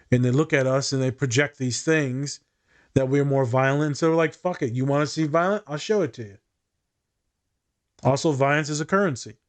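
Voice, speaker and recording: Man, podcast co-host, mid-range voice, blunt, candid, swears, casual discussion. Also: medium pitch. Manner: thinking aloud with fillers and restarts.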